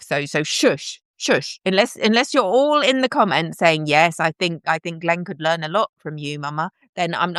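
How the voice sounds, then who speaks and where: A woman's voice: on the low side, no room sound, clean studio sound. Chatty woman hosting a live stream. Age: middle-aged. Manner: bubbly, self-deprecating, animated. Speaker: livestream host.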